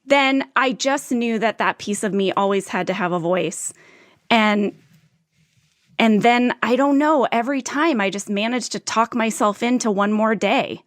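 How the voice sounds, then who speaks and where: A woman's voice: a little high, unhurried, no room sound, studio quality. Earnest woman telling a career story. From St. Louis, USA. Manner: earnest, anecdotal, with small restarts. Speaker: podcast guest, actress. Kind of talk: candid conversational storytelling.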